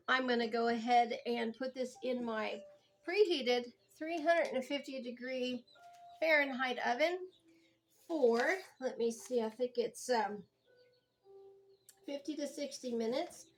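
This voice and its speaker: A woman's voice: fairly high pitch, creaky. Chatty woman baking at home. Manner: chatty and homey, addressing viewers as guys and y'all. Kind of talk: casual cooking vlog.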